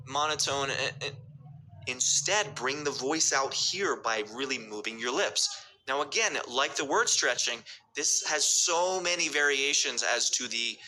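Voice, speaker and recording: Bright, upbeat male speech coach. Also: mid-range voice, a little hiss or hum, low-quality recording. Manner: demonstrates techniques by stretching and over-articulating words; upbeat, encouraging teaching tone. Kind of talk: instructional workshop talk.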